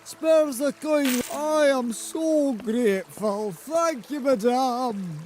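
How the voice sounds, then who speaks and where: An actor playing a humble, grateful male beggar in a game, speaking in a slow, pleading drawl. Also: extremely high pitch, a little mellow, faint music behind. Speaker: game character.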